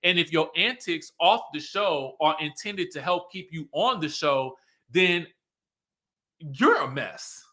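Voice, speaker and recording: A man giving a sassy, animated recap of a reality show reunion, acting out the cast's lines as he goes. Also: on the high side, takes it slowly. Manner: sassy, animated, quoting in mock voices. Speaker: pop culture commentator. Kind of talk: casual recap commentary.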